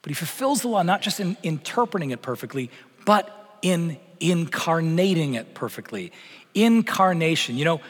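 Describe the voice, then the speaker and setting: A male pastor preaching a sermon in an animated, conversational way, mixing humor with earnest appeals. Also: fairly high pitch, big-room sound. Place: church sanctuary.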